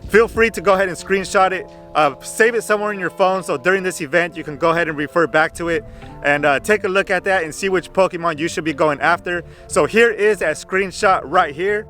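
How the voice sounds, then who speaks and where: Man, higher voice, bright tone, casual game guide talk, faint music behind. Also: fairly quick. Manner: chatty, repeats "go ahead", frequent "uh" fillers. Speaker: gaming channel host.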